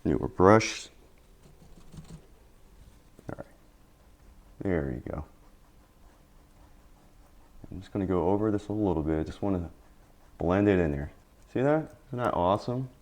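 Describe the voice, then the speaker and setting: A man teaching oil painting in a casual tutorial, tired after a long day, talking in relaxed, repetitive encouraging asides. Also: low voice, unhurried, pauses often. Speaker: painting instructor.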